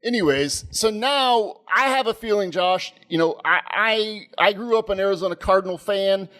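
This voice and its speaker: Male co-host, 30s, higher-pitched, rambling and laugh-prone storyteller. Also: normal speed. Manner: animated, rambling, laughs often. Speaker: podcast co-host. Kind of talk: casual storytelling chat.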